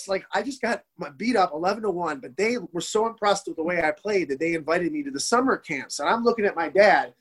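Podcast guest: middle-aged man from the Detroit area, animated storyteller, voice sits a bit high. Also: fast talker, few pauses, breathy edge. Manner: storytelling, animated, swearing, acts out quotes. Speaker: guest, former youth hockey goalie. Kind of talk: casual podcast conversation.

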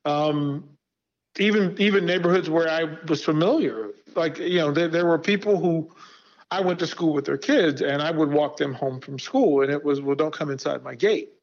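A man's voice: a little high, normal speed. Earnest man with a dull lo-fi sound. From Arlington, Virginia. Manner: earnest, repeats words when building a point. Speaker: guest. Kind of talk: candid conversational talk.

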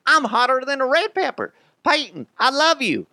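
A man putting on an excitable, gushing Cajun man with a Cajun accent, who boasts loudly to his best friend. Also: moderate pace, no room sound, studio quality, full character voice. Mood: giddy boasting. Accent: Cajun, put on. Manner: shrill, gushing, yelled boasts.

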